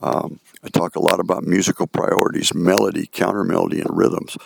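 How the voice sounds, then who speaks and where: A man giving a band feedback on their playing, singing and scatting the phrases he means, halting with repeated words and fillers. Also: deep voice, vocal fry. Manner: sings and scats the phrases he describes. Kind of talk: rehearsal critique with sung examples. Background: band music playing.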